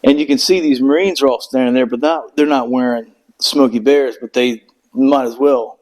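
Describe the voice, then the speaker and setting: On a low-quality recording, a middle-aged man's mid-range, darkish voice moves at a moderate pace. A veteran in a casual podcast conversation, he spins a long, profane war story, acting out the voices of the people involved.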